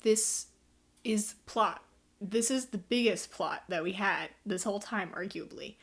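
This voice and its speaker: A woman's voice: mid-range voice, measured pace, fairly bright tone. Sarcastic woman recapping a book. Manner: sarcastic, incredulous retelling with fillers. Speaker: book reviewer. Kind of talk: casual book review vlog.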